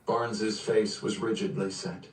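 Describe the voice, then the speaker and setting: Male livestream reader, steady measured narration, roomy distant sound. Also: fairly low pitch. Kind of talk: reading a novel aloud on a livestream.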